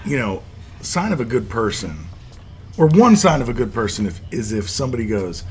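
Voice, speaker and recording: Lively male sports talk co-host. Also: medium pitch, moderate pace, slight background noise. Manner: rambling, profane, reacting to a live game. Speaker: podcast co-host.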